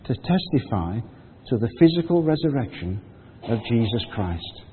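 A man's voice: mid-range voice, sing-song, normal speed, slight background noise. A man giving a sermon, telling the story in a conversational way and acting out the quotes. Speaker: preacher. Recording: phone-like audio with long hall reverb.

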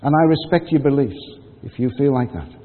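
A man's voice: medium pitch, animated, brisk. A man giving a sermon, telling the story in a conversational way and acting out the quotes. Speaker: preacher. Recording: phone-like audio with long hall reverb.

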